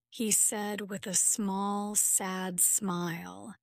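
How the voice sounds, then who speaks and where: Slow, dry-voiced woman reading a story. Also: mid-range voice, steady tone, no echo. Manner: slow, carefully clear reading for learners. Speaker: narrator. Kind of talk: graded reader story narration.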